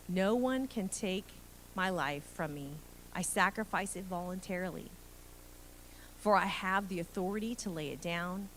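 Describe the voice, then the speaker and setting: A woman's voice: mid-range voice, a little hiss or hum, rough recording. A woman pastor preaching a live sermon in a church, earnest and building emphasis as she speaks. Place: church sanctuary.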